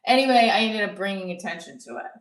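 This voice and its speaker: A woman's voice: medium pitch, lively intonation, quick pace, reverberant, distant mic, poor audio. A woman comedian chatting casually on a live stream, rambling and cutting herself off as she tells a story. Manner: chatty, rambling, self-interrupting. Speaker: stand-up comedian.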